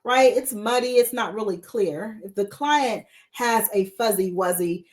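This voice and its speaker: A woman's voice: mid-range voice, unhurried, a little mellow. A woman mentor coach teaching a live-streamed coaching lesson, repeating rhetorical questions to her viewers.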